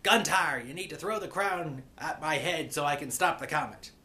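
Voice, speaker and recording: Guy doing a bossy old wizard, bright, scolding, pitched up. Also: moderate pace. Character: stern arrogant old male wizard.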